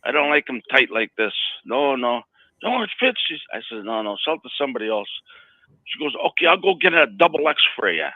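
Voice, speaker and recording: A man's voice: medium pitch, animated, a little fast, no room sound. A man telling rambling stories in a casual chat as co-host, often stammering and laughing. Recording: dry, phone-like line.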